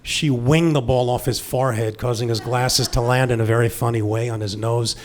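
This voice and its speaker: Storyteller, older man, wry, personal tale, hushed to punchy, medium pitch. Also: steady tone, moderate pace. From Long Island, New York. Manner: intimate, wry, shifting from hushed to emphatic.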